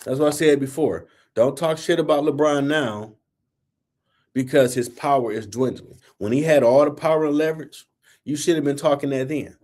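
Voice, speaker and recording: A man's voice: medium pitch, moderate pace, a little mellow. Blunt, heated male sports talk host. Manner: blunt, heated, colloquial, scolding. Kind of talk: opinionated sports rant.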